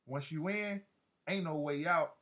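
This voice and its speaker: A man's voice: a little high, measured pace, fairly bright tone. A man voicing a swaggering adult male gang leader who talks aggressively and curses in a storybook audiobook. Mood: menacing, scornful. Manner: aggressive, cursing, scolding.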